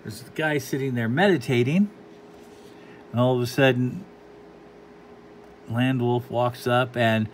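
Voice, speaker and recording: A man talks through a comic book in a loose, rambling way, sounding dry and unimpressed. His voice sits at an ordinary middle pitch. A faint hiss of background noise runs under the recording. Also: unhurried, pauses often. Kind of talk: casual commentary.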